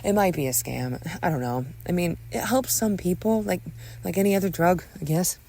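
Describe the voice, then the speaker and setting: A woman's voice: on the low side, normal speed, gravelly, mellow, voice pushed up. A woman voicing a rattled young man who stammers and hedges in a narrated audio story. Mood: awkward. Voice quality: stammering, hesitant.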